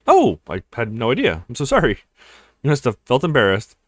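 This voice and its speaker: A man's voice: mid-range voice, huge pitch swings, a little fast, no echo, studio quality. A man doing a polite young woman student. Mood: apologetic. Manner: polite and apologetic.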